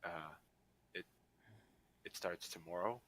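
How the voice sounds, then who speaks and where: A man's voice: sits low, slow pace, a bit bright, exaggerated voice. A man playing an awkward male adventurer in a tabletop game, stammering and unsure.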